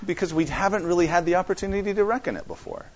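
A man's voice: high voice, lively intonation, a little mellow. Man teaching a Bible study, lo-fi. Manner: repeats key points and checks in with listeners; halting, with frequent restarts. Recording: dull lo-fi recording.

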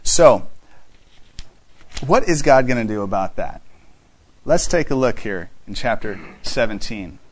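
A man with an ordinary mid-range voice leads a relaxed Bible study. He reads passages in old-fashioned scriptural wording. He asks his listeners rhetorical questions, with frequent restarts. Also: mid-range voice, a little slow, pauses often, slightly rough, rough recording. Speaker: Bible teacher. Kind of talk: conversational Bible study teaching.

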